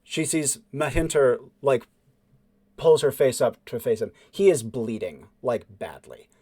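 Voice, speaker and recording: A man running a tabletop role-playing game as game master, describing scenes with fillers and hushed dramatic drops. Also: medium pitch, lively intonation, unhurried, slightly rough.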